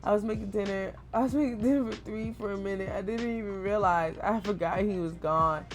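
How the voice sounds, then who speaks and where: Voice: mid-range voice, a little fast, faint music behind, pitched above the performer's own voice, lightly acted. A reader voicing a grieving, confused middle-aged mother in a comic read-aloud.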